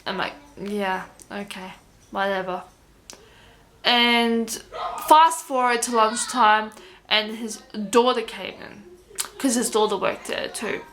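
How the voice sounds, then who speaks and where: A woman's voice: fairly high pitch, slow, a bit bright, slight background noise. A young woman vlogging, casually telling a story with many restarts and quoted back-and-forth.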